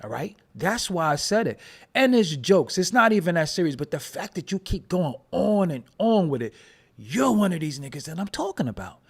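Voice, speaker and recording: A man's voice: sits high, big pitch swings, moderate pace, vocal fry, slightly rough. A man hosting a casual livestream, ranting at his chat in a profane, mocking way. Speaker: show host.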